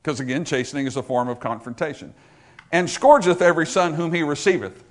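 Male pastor, slightly high voice, emphatic sermon delivery with big swings in loudness. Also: fairly quick. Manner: emphatic preaching, rising and dropping for effect.

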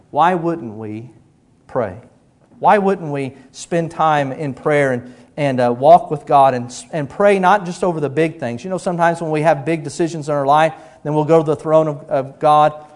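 A middle-aged male pastor preaches a sermon in a slightly high voice, telling stories with animated energy and dropping to a hush for emphasis.

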